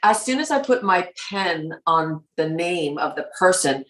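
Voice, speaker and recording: Woman, lower voice, casual spiritual chat, acts out dialogue, laughs often, echoey room. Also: measured pace. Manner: animated storyteller, acts out quoted exchanges, laughs often. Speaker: spiritual guide and guest. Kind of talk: casual conversation. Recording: roomy echo.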